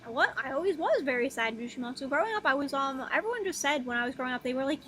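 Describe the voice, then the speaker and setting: A young woman streaming while she draws, rambling softly and casually, swearing now and then and talking to her drawn characters. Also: lively intonation, fast talker, hardly any pauses, a little hiss or hum, poor audio. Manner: soft, low-key, mumbling, with casual swearing.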